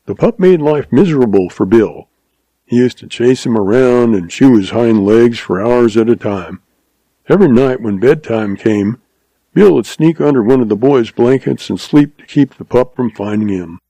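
A quick-witted young cowboy spinning a tall tale with folksy ease, voiced by a male narrator. The voice is warm and mellow. It sounds close and dry, like a storybook reading. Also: mid-range voice, lively intonation, no echo. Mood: mournful. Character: young cowboy, sly and smooth-talking.

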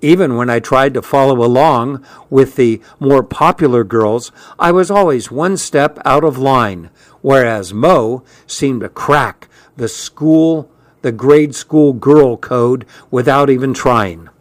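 A man reading a first-person story aloud as an audiobook narrator, in a measured, even way. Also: medium pitch, no echo.

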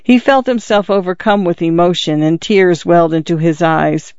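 Man narrating an audiobook in a high voice. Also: fairly even intonation, moderate pace, darkish tone, clear, resonant tone, no room sound, lo-fi sound.

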